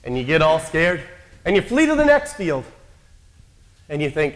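Man preaching, fairly high voice. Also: sing-song, normal speed, long pauses. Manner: storytelling with acted-out quotes, conversational. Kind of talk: sermon.

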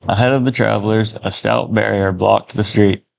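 A man reading a Christian story aloud in a steady, unhurried way. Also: lowish voice, vocal fry.

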